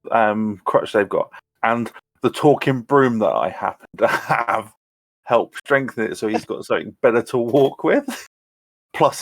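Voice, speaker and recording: A man playing a tabletop role-playing game, speaking slowly in a playful, joking way. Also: medium pitch, vocal fry, no room sound. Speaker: player.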